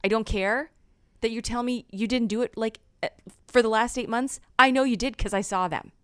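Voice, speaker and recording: A woman's voice: a little high, normal speed, clean tone, no room sound, studio quality. A woman co-hosting a podcast in casual chat, laughing often as she recounts household arguments. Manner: storytelling with frequent laughter, retelling arguments. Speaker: podcast co-host.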